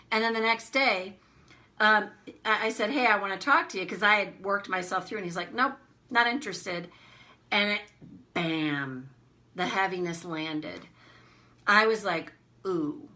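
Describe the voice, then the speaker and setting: Bright-voiced woman coach on a live stream. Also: medium pitch. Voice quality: candid, animated storytelling with frank language. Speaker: tapping coach. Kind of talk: casual live-stream talk. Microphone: phone or webcam, live video.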